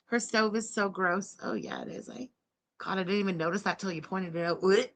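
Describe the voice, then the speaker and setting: A woman in her forties hosting a livestream reaction, loud, mocking and swearing, yelling often. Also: medium pitch, a little fast, slight background noise.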